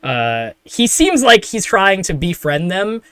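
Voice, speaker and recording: A man's voice: high-pitched, very animated, slow pace, pushed and bright, smooth, no echo. A man narrating as game master of a tabletop game, describing scenes in a rambling way full of fillers.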